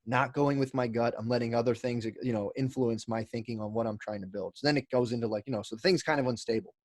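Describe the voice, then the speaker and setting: Fast-talking man, rambling and profane. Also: medium pitch, dry recording. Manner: rambling, profane, many fillers and restarts. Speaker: podcast guest. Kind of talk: casual storytelling chat.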